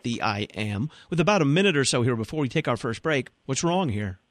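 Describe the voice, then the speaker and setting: Male radio host, mid voice, brisk questioning, dry studio. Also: medium pitch, animated, no room sound. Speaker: radio talk show host. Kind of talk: radio talk show.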